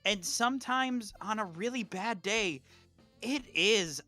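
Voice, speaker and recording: A man's voice: high-pitched, slow, soft background music. A man co-hosting a casual podcast, giving an emphatic, profane pep talk. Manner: emphatic, swears freely, animated pep talk. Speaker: podcast co-host.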